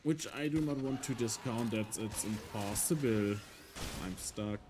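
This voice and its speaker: German-accented male streamer, slightly low voice, rambling self-amused chatter over a clear noise bed. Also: a little slow. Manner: rambling, joking to himself. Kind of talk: casual solo stream chatter.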